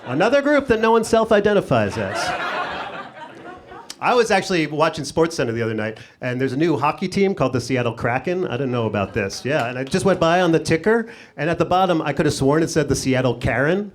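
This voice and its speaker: A man's voice: big pitch swings, brisk. Sarcastic male comedian, live club set. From United States. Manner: sarcastic, jumps up in pitch for punchlines and acted-out voices. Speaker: stand-up comedian. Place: comedy club stage before a laughing audience.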